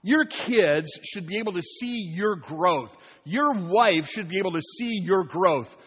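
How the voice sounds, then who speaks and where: A man's voice: high-pitched, animated, unhurried, fairly bright tone, breathy edge, big-room sound. A man preaching a sermon as pastor, talking in a conversational way with joking asides and rising to earnest emphasis. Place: church sanctuary.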